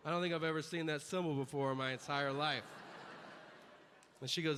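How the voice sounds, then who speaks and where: A man's voice: medium pitch, fast talker, a bit bright, long reverb tail, a little hiss or hum. A man in his thirties doing a brash stand-up set on a comedy stage, acting out dialogue as he tells his stories. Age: 30s. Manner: brash storytelling, acts out dialogue.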